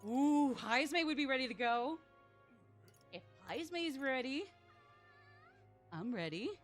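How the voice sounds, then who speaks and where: A woman's voice: high-pitched, animated, slow pace, faint music behind. A woman streaming a game, chatting in a rambling, jokey way full of fillers. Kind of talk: livestream gaming commentary.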